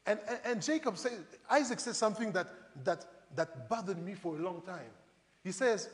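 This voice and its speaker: A man preaching a sermon, telling the story with lively, acted-out voices. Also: high-pitched, moderate pace, big-room sound.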